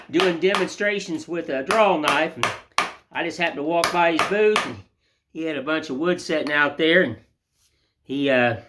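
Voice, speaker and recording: Man, woodcarver, folksy rambling chat, a bit high, loud tool knocks under the voice. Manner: folksy, rambling, down-home sayings. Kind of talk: casual chat while carving. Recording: loud workshop tool noise. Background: loud chisel and mallet knocks.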